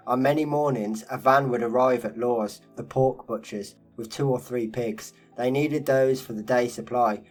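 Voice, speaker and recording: Male narrator, mid-pitched, steady measured storytelling read, faint guitar bed underneath. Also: poor audio. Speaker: narrator reading a first-person memoir interview. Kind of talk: scripted narration.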